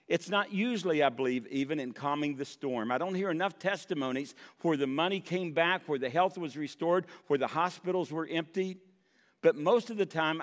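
High-voiced pastor preaching in a reverberant hall. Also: male voice. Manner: preachy, rising to impassioned cries, wry asides. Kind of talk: sermon. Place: church sanctuary.

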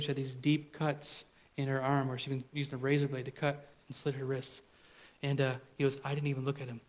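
A man's voice: on the high side, a little mellow. A man preaching to a congregation, telling a story through quoted dialogue and asking the room questions. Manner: retells encounters in quoted dialogue, addresses congregation directly. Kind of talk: sermon storytelling.

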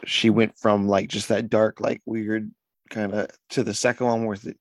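A man co-hosting a casual movie chat, animated and acting out quotes. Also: fairly low pitch, moderate pace, no echo. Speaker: podcast co-host.

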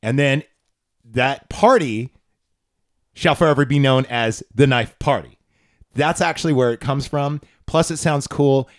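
A man's voice: mid-range voice, unhurried. A man hosting a podcast, telling rambling, crude, jokey stories in casual chat. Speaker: podcast host.

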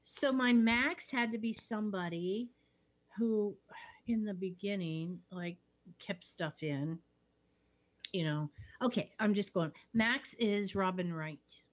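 A woman's voice: medium pitch, takes it slowly. A woman co-hosting a casual podcast chat, telling stories animatedly with quoted asides. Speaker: podcast co-host.

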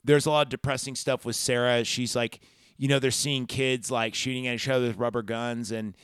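A man's voice: mid-range voice, steady tone, brisk, a bit bright, clear, resonant tone, dry recording, clean studio sound. Man rambling through a movie recap. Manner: rambling, filler-heavy scene-by-scene recap. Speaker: podcast host. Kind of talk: casual chat retelling a movie.

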